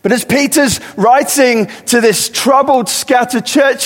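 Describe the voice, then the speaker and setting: A man's voice: extremely high pitch, unhurried, hardly any pauses, long reverb tail. A man preaching a sermon in a church, talking in a conversational way that builds into emphatic repetition.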